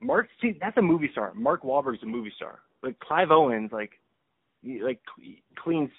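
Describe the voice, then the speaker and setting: A man's voice: mid-range voice, very animated, moderate pace, breathy edge, no room sound. Laid-back podcast guy on a tinny line. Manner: easygoing, laughs often, hesitant restarts. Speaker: podcast co-host. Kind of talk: casual movie podcast chat. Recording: thin phone-like sound, dry.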